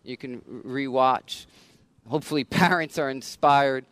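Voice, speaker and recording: A man's voice: medium pitch, unhurried, fairly bright tone, no echo. A man hosting an online church conversation, talking loosely with fillers. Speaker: pastor hosting a church stream. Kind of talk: casual church talk.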